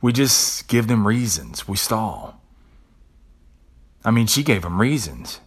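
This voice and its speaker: A man with a fairly low voice talks to his listeners like a friend. He tells an everyday story in a loose, profane way and often stumbles over repeated words. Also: sing-song, takes it slowly, breathy edge. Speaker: podcast host. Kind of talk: casual monologue.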